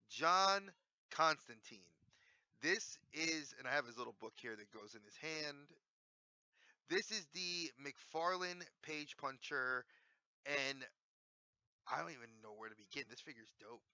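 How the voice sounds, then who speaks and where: A man's voice: medium pitch, sharp tone, clean tone, no room sound. A man in his forties, hosting a casual, enthusiastic collector review that rambles with self-corrections. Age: 40s. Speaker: toy collector host. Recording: dry, slightly dull lo-fi sound.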